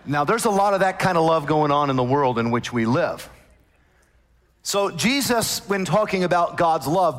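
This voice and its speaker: A man preaching a sermon, emphatic, slowing down to stress scripture quotations. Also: on the high side. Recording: long hall reverb.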